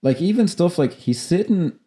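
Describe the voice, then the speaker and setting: A man co-hosting a podcast, chatting casually about a film, animated and often laughing. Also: a little high, moderate pace. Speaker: podcast co-host. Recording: podcast audio.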